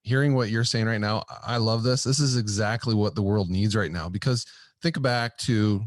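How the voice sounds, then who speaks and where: A man's voice: fairly low pitch, dry recording. A man hosting a podcast, enthusiastic and affirming as he responds to his guest. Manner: enthusiastic, affirming, talks in quick bursts. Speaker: podcast host. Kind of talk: conversational interview.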